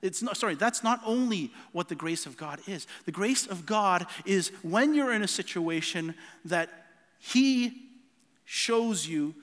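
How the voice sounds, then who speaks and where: A man delivers a sermon in an earnest, personal storytelling manner, often restarting and repeating words as he goes. His voice sits high and sounds bright and forceful. Long reverb from a large hall trails every phrase. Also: expressive, unhurried. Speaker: preacher.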